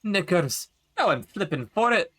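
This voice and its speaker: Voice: mid-range voice, big pitch swings, measured pace, fairly bright tone, pitched above the performer's own voice. Drippy: a streamer doing a brash Welsh fairy. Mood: grumbling. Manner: brash, slangy, says "mun" a lot. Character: cheeky Welsh male fairy sidekick. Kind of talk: reading game dialogue aloud in voices.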